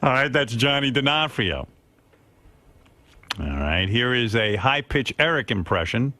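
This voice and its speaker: A man hosting a radio show, talking in a casual, wry and animated way into a studio mic. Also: mid-range voice, measured pace. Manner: animated, wry, reacting and laughing. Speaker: radio host.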